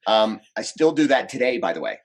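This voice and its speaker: A man in his forties from the United States tells stories in a relaxed interview. His voice sits a bit low, and he talks in an animated, chatty way, often acting out what other people said. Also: a little fast. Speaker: relationship coach, guest. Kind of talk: casual interview storytelling.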